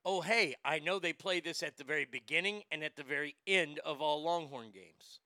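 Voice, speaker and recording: A man's voice: on the high side, moderate pace, sharp tone, dry recording, studio quality. A man hosting a sports show, delivering a profane, ranting monologue and stammering over repeated words.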